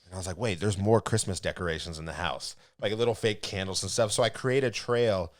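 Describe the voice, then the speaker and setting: On a podcast he co-hosts, a man with a low, brisk voice tells a funny story in relaxed conversation. He's animated and laughs frequently as the tale unfolds.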